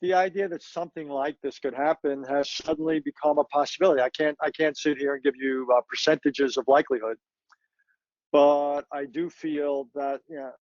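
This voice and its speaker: A man analyzing foreign policy in conversation, thoughtful and measured, often pausing and correcting himself. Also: a little high, steady tone, darkish tone, no echo, lo-fi sound. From United States. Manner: measured, thoughtful, frequent hesitations and self-corrections. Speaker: foreign policy expert guest.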